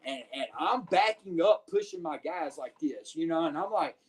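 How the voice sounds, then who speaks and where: A man, a podcast guest telling a story in a profane, animated way with lots of filler phrases. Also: on the high side, normal speed, breathy edge. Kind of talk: casual storytelling.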